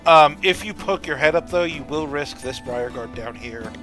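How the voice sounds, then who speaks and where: Relaxed game master narrating a tabletop scene. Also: male voice, fairly high pitch, normal speed, soft background music. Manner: loose, conversational narration with frequent restarts.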